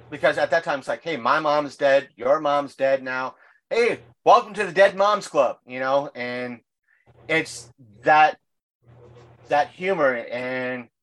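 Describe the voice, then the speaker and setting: A man's voice: medium pitch, fairly bright tone. A man co-hosting a podcast in casual chat, rambling through stories with many fillers and restarts, blunt and crude in his words. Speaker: podcast co-host.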